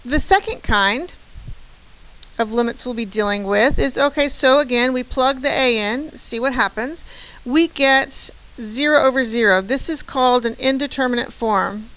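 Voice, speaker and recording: A woman's voice: fairly high pitch, normal speed, pushed and bright, low-quality recording. A woman math teacher giving a chatty, encouraging lecture, often checking in with "right?". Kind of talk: classroom lecture.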